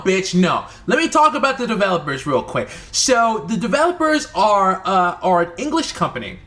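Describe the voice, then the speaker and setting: A man's voice: a little high, a bit bright. A man from the United States talking through a casual game review vlog, rambling, profane and full of restarts. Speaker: video creator.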